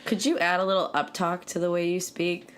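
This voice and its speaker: Playful woman with a very low voice. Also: level tone, clear, resonant tone. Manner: playful and teasing, quick with a joke. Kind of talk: casual chat. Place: indoors in Yonkers, New York.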